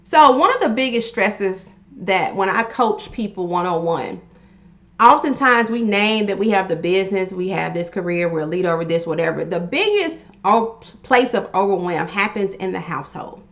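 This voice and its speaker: A woman talking casually on a livestream, an animated life coach who repeats phrases and calls on her viewers directly. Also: mid-range voice, normal speed. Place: home room she calls her pink cave. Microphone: livestream setup. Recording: slightly dull livestream audio.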